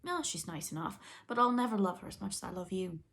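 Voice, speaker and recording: A woman's voice: fairly low pitch, expressive, fast, gravelly, a bit bright. A woman voicing a cheerful, easygoing young prince in a storybook. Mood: earnest.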